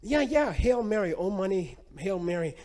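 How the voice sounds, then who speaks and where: A man's voice: sits high, very animated, unhurried, dark tone, pitched above the performer's own voice. A man voicing a Catholic priest who patiently explains and reassures. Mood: reassuring.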